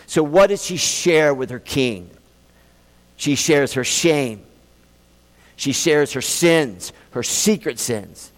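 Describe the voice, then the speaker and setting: A man preaching a sermon in an earnest, pleading way, slowing down to stress key words. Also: on the high side, lively intonation. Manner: earnest, pleading, slows for emphasis. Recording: long hall reverb.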